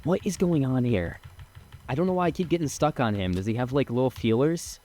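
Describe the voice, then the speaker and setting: A young man giving casual let's-play commentary as a gaming streamer, chatty and excitable, swearing and laughing as he plays. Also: mid-range voice, fairly quick.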